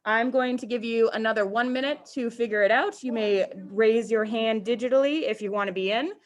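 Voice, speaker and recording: A woman's voice: a little high, a little fast. A woman teaching a math class to students in the room and online, playful and teasing with mock-dramatic outbursts.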